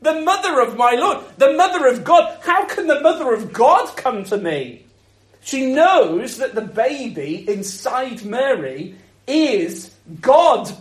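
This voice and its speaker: A man preaching a Christmas sermon in a lively, conversational way, asking the listeners rhetorical questions. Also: very high-pitched, slow pace. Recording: echoey room.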